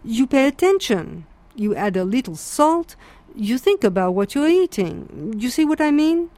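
A woman voicing a scornful, opinionated middle-aged Frenchman, speaking slowly and emphatically with sarcasm. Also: extremely high pitch, big pitch swings, a little mellow, dry recording, voice pushed up, full character voice. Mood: insistent.

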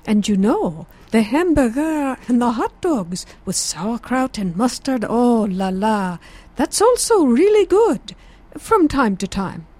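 A woman's voice: high-pitched, very animated, measured pace, hardly any pauses, warm tone, voice pushed up. A woman voicing an eager, chatty Frenchwoman with a sing-song way of talking. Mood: rhapsodic.

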